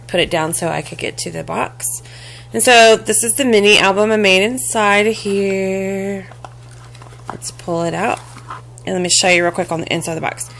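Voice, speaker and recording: A woman casually showing a handmade craft box and mini album to the camera, halting often with fillers and restarts and apologizing as she handles things. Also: mid-range voice, a bit bright. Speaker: crafting vlogger. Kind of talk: casual show-and-tell craft demo.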